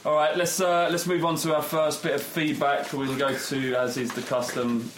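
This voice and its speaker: A man's voice: fairly high pitch, little pitch movement, moderate pace. Guy hosting a footy podcast, teasing, echoey room w/ noise. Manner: teasing, moves the show along. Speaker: podcast host. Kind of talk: casual football podcast banter. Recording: roomy room with background noise.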